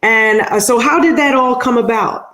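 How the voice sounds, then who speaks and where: A woman's voice: fairly high pitch, moderate pace, a bit bright, roomy sound, a little hiss or hum. A woman hosting an interview podcast, asking questions and reading sponsor copy. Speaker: podcast host.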